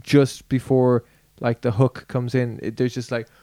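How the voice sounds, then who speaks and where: A man's voice: level tone, measured pace, noisy background. A man co-hosting a podcast in casual chat, rambling and laughing. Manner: rambling, laughing, breaks into falsetto singing. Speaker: podcast co-host.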